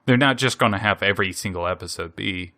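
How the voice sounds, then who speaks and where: A man hosting a podcast, casually recapping an anime episode in an animated way, laughing often and using many fillers. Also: low-pitched, fast talker, no room sound, studio quality. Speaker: podcast host.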